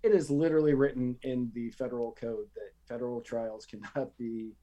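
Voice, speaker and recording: A man's voice: mid-range voice, fairly even intonation, brisk, mellow, muffled recording. A man co-hosting a casual news chat, joking as he works through his notes. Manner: chatty, joking, reads from notes. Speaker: podcast co-host.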